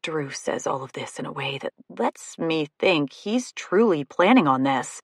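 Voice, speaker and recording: A woman reads a first-person romantic comedy audiobook with lively comic expression in the dialogue. Her voice is low and husky, and the recording is dry and close. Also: measured pace, dry recording. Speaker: audiobook narrator.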